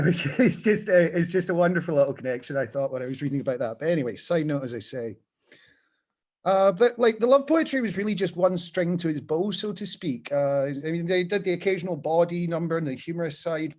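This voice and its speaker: A man's voice: on the high side, darkish tone. A man hosting a travel show, telling stories in a chatty, digressive way with lots of fillers. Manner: recites poetry with feeling. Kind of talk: casual storytelling talk.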